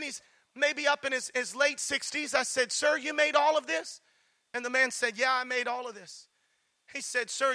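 A man's voice: extremely high pitch, bright, forceful tone, no room sound. A man preaching a storytelling sermon, passionately acting out the dialogue of the people in his story. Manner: impassioned, acts out quoted dialogue.

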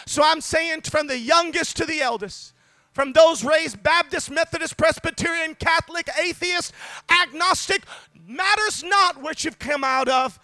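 A man preaching a sermon to a congregation, fervent and building to shouted climaxes, calling out to the listeners. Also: very high voice, no echo, clean studio sound. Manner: calls out to the congregation.

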